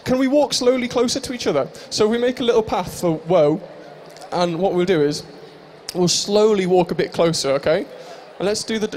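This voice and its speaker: A man's voice: high voice, moderate pace, darkish tone, a little hiss or hum. A young man hosting a live stage show, joking and teasing the audience in improvised comic banter. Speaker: stage host at a live fan convention.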